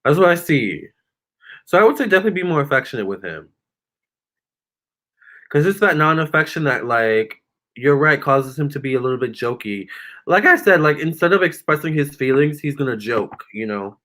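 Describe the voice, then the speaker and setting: A man's voice: fairly high pitch, expressive, moderate pace, bright, forceful tone. A man doing a tarot reading on a live stream, answering viewer comments in a chatty, sassy way and calling them honey and girl. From Virginia. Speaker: tarot reader.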